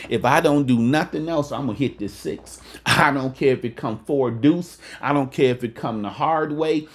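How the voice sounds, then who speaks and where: A man giving a preacherly motivational talk, often asking listeners to talk back and repeating lines for emphasis. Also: medium pitch. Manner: call-and-response, repeats lines for emphasis, says "amen" often; colloquial Southern Black church cadence with dice-game slang. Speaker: motivational speaker and pastor.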